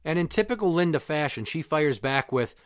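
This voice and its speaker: A man's voice: fairly high pitch, expressive, a little fast, no echo, studio quality. A middle-aged man, hosting a podcast and telling a personal story in a blunt, profane, heated way. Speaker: podcast host.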